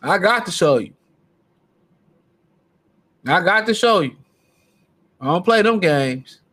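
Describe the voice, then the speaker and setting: A man's voice: high voice, animated, takes it slowly, a bit bright. A man hosting a solo podcast, ranting casually with brash, profane trash talk. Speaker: podcast host.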